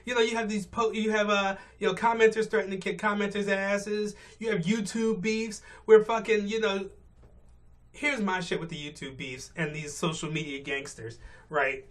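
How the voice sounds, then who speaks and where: A man's voice: high voice, steady tone, normal speed. A male vlogger giving blunt, profane, exasperated rant commentary from his car on a morning commute. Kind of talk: ranting commentary.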